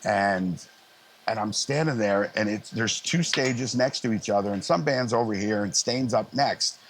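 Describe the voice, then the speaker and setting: A man's voice: on the low side, a little slow, noisy background. Easygoing middle-aged man telling stories. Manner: animated anecdotes, acting out others' lines in a raised voice; frequent fillers and restarts, easygoing. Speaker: live sound engineer, interview guest. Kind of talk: casual storytelling interview.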